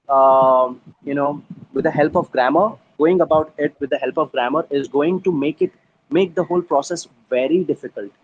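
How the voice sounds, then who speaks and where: An Indian English-accented tutor with a fairly high pitch and darkish tone coaches a student online over video call. Working patiently, he goes through words one syllable at a time and mixes in Hindi phrases, all captured in dull audio.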